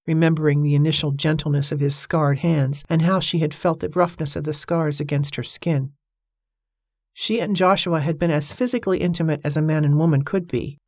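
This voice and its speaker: A woman narrating an audiobook novel in a measured, even storytelling manner. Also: deep voice, no room sound, clean studio sound. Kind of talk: scripted narration.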